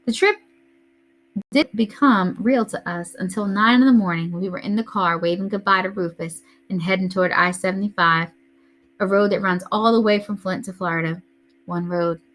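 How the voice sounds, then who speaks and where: A woman teacher reading a first-person novel aloud to a class in a steady storytelling way. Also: mid-range voice, normal speed.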